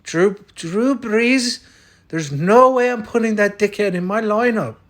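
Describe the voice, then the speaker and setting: At a measured pace and in a high-pitched voice, a man portrays a brash, obstinate character who says he's Irish. The comic sketch over a fantasy lineup has him boasting bluntly and swearing a bit.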